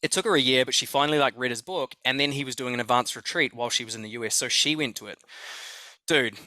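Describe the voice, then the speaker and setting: An Australian man telling a story as a podcast guest, excited and swearing freely, often restarting his sentences. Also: mid-range voice, fast, no room sound. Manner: excited, profane, repeats himself. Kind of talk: conversational storytelling.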